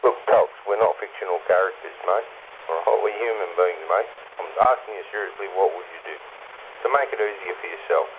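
Low-voiced Australian man teasing over CB radio. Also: fairly quick. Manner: crude, teasing, swearing. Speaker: CB radio caller. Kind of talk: casual banter over CB radio. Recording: tinny CB radio with hiss.

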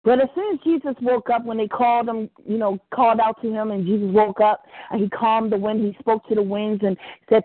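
A woman's voice: fairly high pitch, steady tone, a little fast, few pauses, no room sound. Fervent woman preaching over a phone line. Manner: fervent, rising into impassioned prayer. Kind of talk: preached prayer broadcast.

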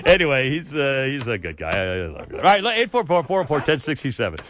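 A man in his sixties hosting a radio talk show, telling rambling stories and giving away tickets with quick laughs. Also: medium pitch, big pitch swings, fairly bright tone. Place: radio studio. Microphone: studio microphone.

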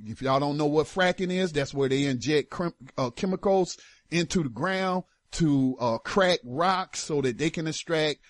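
A man's voice: on the high side, normal speed, dry recording, clean studio sound. A man hosting a talk radio show, giving emphatic political commentary in casual with slang.

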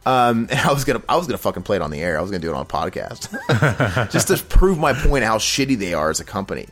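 A man's voice: lowish voice, sing-song, fast, a bit bright. A man hosting a podcast, telling a long, profane complaint story in casual chat and mocking the people he quotes. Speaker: podcast host.

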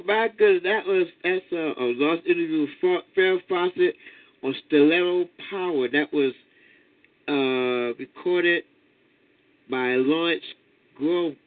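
A man hosting a radio talk show, speaking in a halting, casual way and repeating himself. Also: on the high side. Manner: halting, repeats words, chuckles. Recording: tinny phone-like audio.

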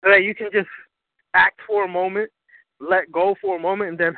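A high-pitched man holds forth as host of a spiritual talk show, emphatic and profane, often checking "you understand?" His voice comes through a narrow, phone-like line. The sound is dry, with no room echo. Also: little pitch movement, fairly quick, long pauses.

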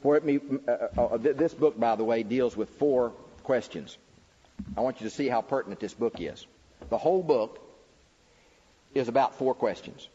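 A man's voice: normal speed, warm tone, slightly rough. Emphatic male preacher in a reverberant hall. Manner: emphatic, pitch rising sharply on key words. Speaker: preacher teaching a lecture series. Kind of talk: sermon-style lecture. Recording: dull recording with long hall reverb.

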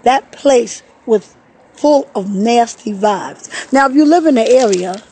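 A woman vlogging outdoors in a park, upset and tearful, talking haltingly and repeating words as she recounts a bad experience. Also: on the high side, animated, warm tone, slightly rough, rough recording. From New York. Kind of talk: emotional personal vlog.

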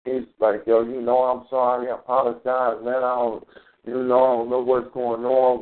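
A man's voice: mid-range voice, monotone, normal speed. A male host rambles through a heated, profane story in a casual live talk. His voice sits in a middle range. The audio is thin and phone-like. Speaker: show host. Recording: tinny phone-quality audio.

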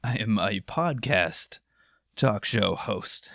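Young American man, podcast host, wry self-deprecating humor, gravelly voice, dry close mic. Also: lowish voice, lively intonation, takes it slowly, fairly bright tone, no room sound. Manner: self-mocking, joking, laughs often. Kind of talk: casual solo podcast chat. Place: home room with microphones. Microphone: studio microphone.

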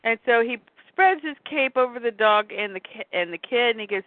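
A woman's voice: fairly high pitch, normal speed, no echo. A woman co-hosting a casual podcast, recapping a comic book and reading its dialogue aloud with light character voices. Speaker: podcast co-host. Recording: tinny phone-like line, dry.

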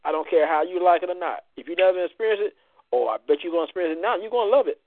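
A man hosting a casual talk show, bantering loudly and playfully, preaching at listeners with plenty of cursing. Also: high-pitched, racing, no echo. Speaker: poetry show host. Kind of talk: casual radio-style chat. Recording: dry, phone-like audio.

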